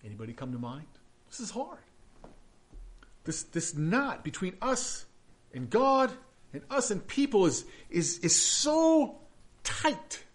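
Male pastor, slightly high voice with lively swings, reading scripture with hushed asides. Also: measured pace, pauses often.

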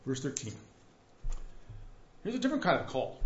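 A man preaching a sermon in a lively, conversational way, often checking in with "right?". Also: mid-range voice, normal speed, pauses often. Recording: echoey room, dull lo-fi sound.

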